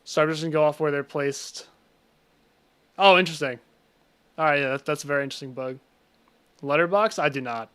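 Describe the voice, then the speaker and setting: Young man streaming a game, bright and slightly high voice, rambling chatty commentary, faint music underneath. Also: brisk, long pauses, smooth. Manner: chatty, self-interrupting, reacts to chat. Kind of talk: casual live-stream commentary while gaming.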